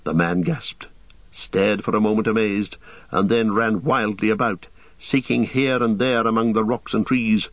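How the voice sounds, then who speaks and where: A man reads the story in a measured, dramatic narration. His voice sits low. The studio recording is dry, with a slightly muffled, dull top end. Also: steady tone, no echo. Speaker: audiobook narrator. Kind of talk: scripted narration.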